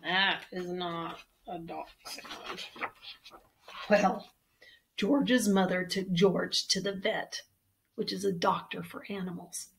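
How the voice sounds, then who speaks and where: A woman librarian leads a storytime, unhurried and enthusiastic as she coaxes children to call out answers. She reads with theatrical gasps at a relaxed, slow pace. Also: fairly low pitch, gravelly, far from the mic, a little hiss or hum. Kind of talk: storytime read-aloud for children. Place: at home.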